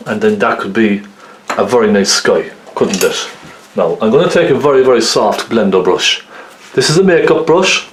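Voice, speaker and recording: A man's voice: lowish voice, animated, normal speed, slight background noise. A man giving a chatty, step-by-step oil painting lesson, often checking in with tag questions. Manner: chatty, lots of tag questions like okay and isn't it. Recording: roomy echo.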